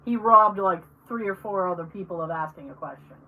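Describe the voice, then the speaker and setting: A woman co-hosting a podcast in casual chat, telling animated stories, acting out the people she quotes and swearing freely. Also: medium pitch, fairly quick, far from the mic, poor audio. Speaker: podcast co-host.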